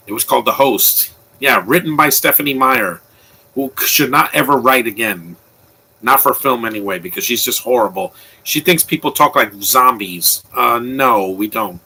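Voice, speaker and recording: A man's voice: mid-range voice, normal speed, bright, forceful tone, husky, low-quality recording. A man giving casual, opinionated live commentary on a movie, rambling with frequent restarts. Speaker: film commentator.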